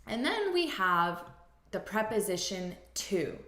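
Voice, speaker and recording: A woman teacher breaks down spoken English for learners, saying each phrase slowly and having them repeat it. Her voice moves lively up and down. The room has a noticeable echo. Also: medium pitch. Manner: slow, deliberate, modelling phrases for repetition. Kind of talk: explaining pronunciation to learners.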